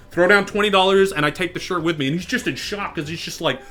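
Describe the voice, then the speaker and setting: Young man, casual storytelling, animated quoting, bright tone, faint music bed. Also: sits high, fast, hardly any pauses. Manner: animated, acts out quotes in louder raised voice. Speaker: storyteller and channel host. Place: online virtual social space.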